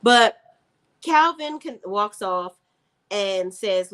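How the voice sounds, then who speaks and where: A woman's voice: mid-range voice, lively intonation, moderate pace, fairly bright tone. A woman giving a sassy, opinionated recap of a TV episode, switching into quoted lines of dialogue. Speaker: TV show reviewer. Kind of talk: casual recap and commentary.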